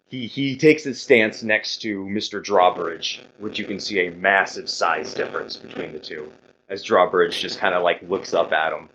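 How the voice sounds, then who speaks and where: A man narrating a tabletop game as game master, describing scenes in a relaxed, halting way. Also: low-pitched. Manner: relaxed, hesitant narration with fillers. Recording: muffled lo-fi audio.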